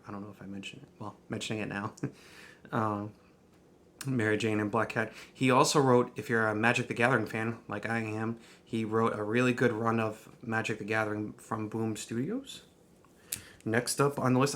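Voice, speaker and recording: A man's voice: fairly low pitch, fairly bright tone. Chatty man laughing through a casual vlog. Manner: chatty, laughs often, restarts sentences. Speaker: comic book vlogger. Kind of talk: casual chat.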